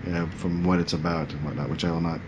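A man's voice: low voice, flat delivery, quick pace, lo-fi sound, background noise. A man in his forties, chatting casually as a podcast host, rambling and jokey, often trailing off. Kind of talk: casual chat.

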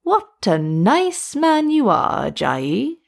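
A woman voicing a frightened, pleading old male witch doctor in a storybook reading, drawing his words out high and slow. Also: huge pitch swings, creaky, heavily acted. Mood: cheerful. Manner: high, drawn-out, pleading delivery.

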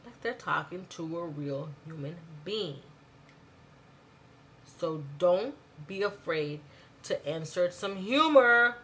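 A woman's voice: medium pitch, bright, forceful tone. A woman giving tips on business emails in a chatty, conversational way. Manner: chatty and conversational, many fillers and asides. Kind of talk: casual spoken tutorial.

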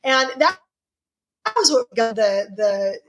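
Middle-aged woman guest, fired up and indignant, a bit high-pitched, voice keeps spiking up on her points. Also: sing-song, takes it slowly. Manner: fervent and indignant, with sharp rises in pitch. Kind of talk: impassioned interview answers.

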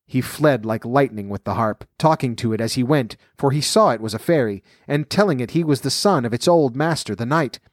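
A man's voice: medium pitch, a little fast, few pauses, dry recording. Man reading a fairy tale, dry sound. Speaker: storyteller.

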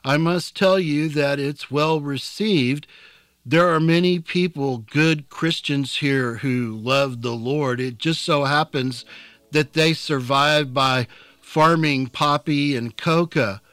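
A man reading a cautious, gentle village priest. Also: on the high side, takes it slowly, clear, resonant tone, no echo. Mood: earnest. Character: thoughtful, cautious middle-aged male village priest. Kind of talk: scripted narration.

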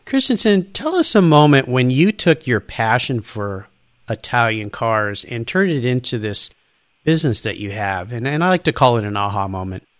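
A man hosting an interview, telling anecdotes in an animated way and acting out the people in them. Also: medium pitch, moderate pace, no echo. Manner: animated storyteller, acts out quoted voices. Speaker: interview host. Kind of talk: conversational interview.

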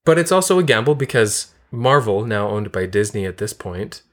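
A woman's voice: extremely low pitch, expressive, normal speed. A woman co-hosting a casual chat about a film, explaining at length with enthusiasm. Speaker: podcast co-host. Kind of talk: casual movie discussion.

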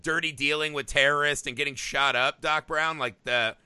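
A man co-hosting a casual podcast chat, animated and swearing freely as he riffs. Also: fairly high pitch, moderate pace, smooth, no echo. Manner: animated, swears freely, jumps into shouted impressions. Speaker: podcast co-host. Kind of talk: casual chat about movies.

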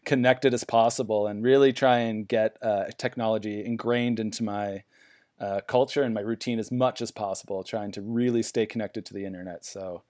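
A man's voice: fairly low pitch, steady tone, moderate pace, a little mellow, dry recording, clean studio sound. A man hosting a parody business podcast, rambling and hyped with lots of fillers. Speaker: host.

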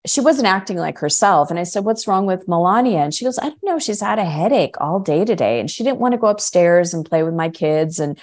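A middle-aged woman with a fairly low voice, sharing her story as an interview guest. She talks in an easy conversational flow and jumps up in pitch whenever she acts out what others said. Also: expressive, brisk, few pauses. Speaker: guest, coach and energy healer.

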